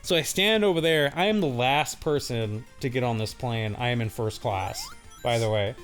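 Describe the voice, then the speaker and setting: A man's voice: mid-range voice, normal speed, soft background music. Laughing man telling a rambling story. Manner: rambling, laughing, acts out quoted voices. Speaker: co-host of a gaming channel. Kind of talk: casual storytelling while playing a game.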